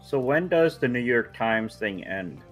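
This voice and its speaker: A man's voice: mid-range voice, very animated, a little slow. A man playing along in a game stream, chatting matter-of-factly and asking plain questions. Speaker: co-player. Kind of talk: casual game chat. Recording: faint background music.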